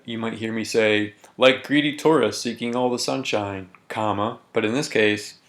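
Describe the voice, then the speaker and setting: Guy teaching grammar on a recorded lesson, kinda low voice, walks through it step by step, keys clacking in the background. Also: fairly bright tone. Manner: methodical, reads example sentences slowly with emphasis.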